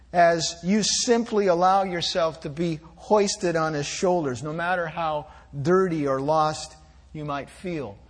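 A male pastor preaching a sermon in a gentle, reflective way, with small restarts as he speaks. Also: sits high.

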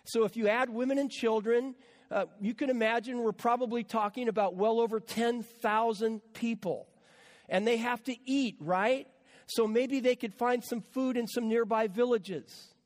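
High-voiced male preacher in a reverberant hall. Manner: conversational preaching with repeated words and asides. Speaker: pastor. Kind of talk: sermon.

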